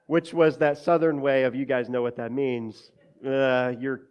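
Speaking in a mid-range, clear and resonant voice, this pastor preaches unhurriedly with a flat delivery, addressing the congregation as church and slipping jokes between scripture readings. The recording sounds muffled.

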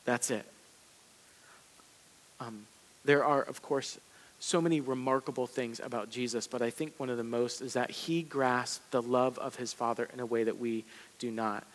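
A man preaching a sermon in a relaxed, conversational way, with self-deprecating asides and emphatic repetition. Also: medium pitch, moderate pace, low-quality recording. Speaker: pastor. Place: church sanctuary.

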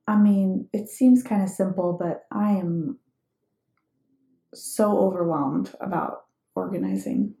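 A woman in her thirties co-hosting a casual podcast with her husband, speaking calmly and thoughtfully and often agreeing with him. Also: fairly low pitch, slow, gravelly. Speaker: podcast co-host. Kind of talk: casual chat with spouse. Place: room at home. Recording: roomy home recording.

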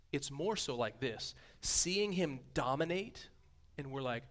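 A man in his thirties giving a sermon, conversational and playful, swinging from a hushed voice to booming emphasis. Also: lively intonation, measured pace. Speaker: pastor.

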